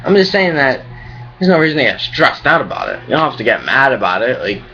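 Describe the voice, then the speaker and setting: A man's voice: mid-range voice, big pitch swings, quick pace, sharp tone, highs cut off. A young man vlogging in a rambling, profane, ranting way. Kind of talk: casual rambling vlog.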